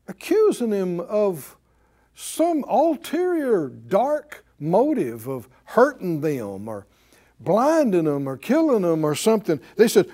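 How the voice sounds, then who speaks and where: A man's voice: high-pitched, wildly swooping pitch, slow pace, dark tone. A man teaching a Bible study, emphatic and full of rhetorical questions to his listeners.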